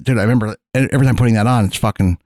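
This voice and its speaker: A man's voice: on the low side, very fast, darkish tone, dry recording. A man on a casual podcast, joking with friends, swearing freely and laughing often. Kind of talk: casual chat.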